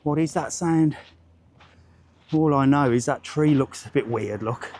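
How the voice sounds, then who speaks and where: A man's voice: medium pitch, unhurried, a little mellow, slight background noise. A man, chatting rambling and jokey on a live walking vlog outdoors, swearing casually, into a handheld phone. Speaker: travel vlogger.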